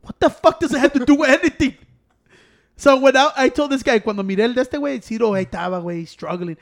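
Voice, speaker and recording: A man in casual chat, telling animated stories full of quoted voices and swearing, switching between Spanish and English. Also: very high-pitched, fast talker, vocal fry.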